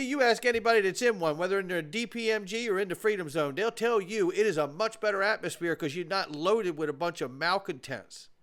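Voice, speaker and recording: A man's voice: high-pitched, a bit bright. A man hosting his own commentary channel, talking straight to viewers in an emphatic, opinionated way. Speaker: host of a crypto commentary channel. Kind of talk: casual commentary.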